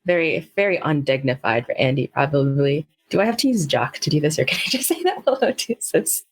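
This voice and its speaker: Low-voiced woman player. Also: animated. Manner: musing, hesitant, slow. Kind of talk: tabletop game play.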